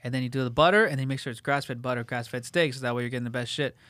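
A young man co-hosting a podcast, ranting in an animated way and swearing heavily in casual banter. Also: medium pitch, rapid-fire, no room sound. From Italian-American family. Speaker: podcast co-host.

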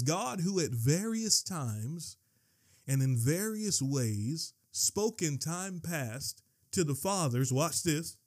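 Preaching in a high voice, this pastor moves from hushed scripture reading to excited shouting. His words trip and repeat whenever he gets worked up.

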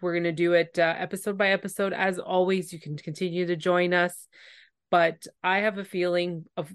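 Lady podcast host gushing over a tv episode, lowish voice, dry close sound. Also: no echo. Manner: emotive, retells scenes with acted quotes. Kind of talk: casual TV recap chat.

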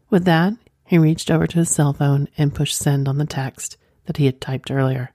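A woman narrates an erotic story in a soft, sensual voice. Her tone is low, dark and mellow. The recording is dry and close, with no room sound. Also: fairly even intonation, moderate pace, hardly any pauses, no echo.

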